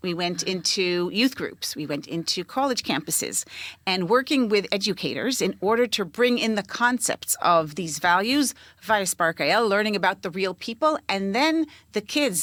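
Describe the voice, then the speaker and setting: Fast-talking Israeli woman, bright voice. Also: mid-range voice, no room sound. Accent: Israeli, with some Boston. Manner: fast, animated, frequent restarts. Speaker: nonprofit CEO, guest. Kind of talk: conversational interview.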